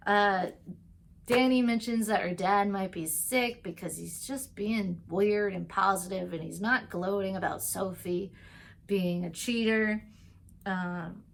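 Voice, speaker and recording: A young woman recaps a TV episode in a loose, rambling chat, dropping "like" and "you know" all through her sentences. Her voice sits at a middle pitch with a noticeable gravelly fry, and she slips into playful voices when quoting the characters. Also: a bit bright. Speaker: tarot vlogger recapping a TV show. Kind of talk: casual chatty recap.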